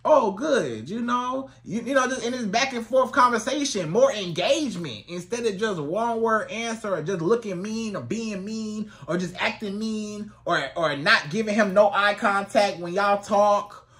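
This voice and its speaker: Bright, high-voiced man coaching on dating. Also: normal speed, hardly any pauses. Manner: animated, colloquial, repeats phrases. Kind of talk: casual advice talk to camera.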